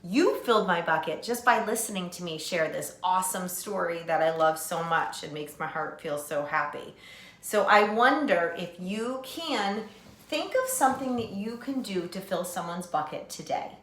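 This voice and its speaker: A woman's voice: on the low side, lively intonation, moderate pace, a bit bright, reverberant. A woman teacher talking to young children in a remote lesson, in a sing-song way, spelling words out letter by letter.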